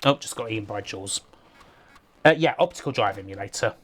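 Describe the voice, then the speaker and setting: A man's voice: on the low side, expressive, fairly quick, a bit bright, slight background noise. A man giving casual, rambling livestream commentary over a game, laughing often and talking to his chat. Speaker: streamer.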